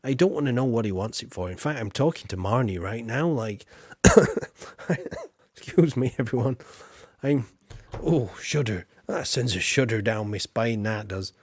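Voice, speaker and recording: A man's voice: mid-range voice, lively intonation, measured pace, breathy edge, no echo. A man chatting casually as he streams a farming game, rambling with cheeky asides. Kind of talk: casual gameplay commentary.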